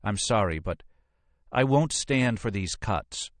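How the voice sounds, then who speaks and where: A man's voice: on the low side, animated, slow, no room sound, voice pushed up. A male narrator voicing a male museum administrator who speaks pleasantly but firmly. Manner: pleasant but firm, controlled.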